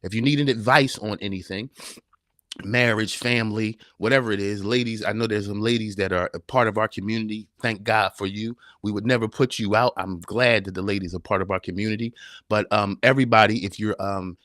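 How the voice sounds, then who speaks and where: A man's voice: fairly low pitch, fairly even intonation, brisk, a bit bright, dry recording, studio quality. A man hosting a live-streamed podcast, talking in an emphatic, preacher-like way and firing off repeated rhetorical questions. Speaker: podcast host. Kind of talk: live-streamed motivational talk.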